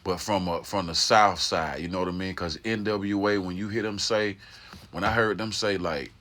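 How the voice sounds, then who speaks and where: A fairly low-pitched man from Atlanta talks easily in an interview. His delivery is loose and relaxed, with plenty of fillers. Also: moderate pace. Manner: laid-back, full of fillers and restarts. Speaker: group member being interviewed. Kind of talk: casual interview talk.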